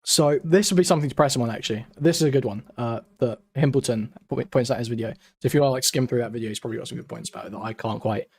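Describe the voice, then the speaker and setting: A man's voice: mid-range voice, very fast, creaky, few pauses, a little mellow, husky, no echo. A man talking as a guest on a call, earnest and hesitant with many restarts. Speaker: guest commentator. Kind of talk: casual call conversation.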